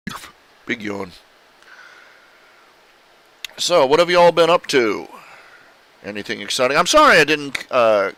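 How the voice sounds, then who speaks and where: A middle-aged man casually commenting on his artwork, rambling and halting with many fillers. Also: medium pitch, gravelly, sharp tone, rough recording. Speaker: artist showing his commissions.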